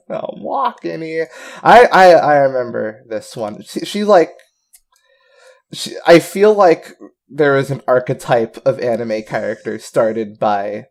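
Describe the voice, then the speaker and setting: A man with a mid-range voice talks slowly through a relaxed commentary. He rambles a bit, restarts his thoughts, and laughs easily between remarks. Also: medium pitch. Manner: slow, rambling, laughs often. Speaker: commentary co-host. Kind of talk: casual audio commentary.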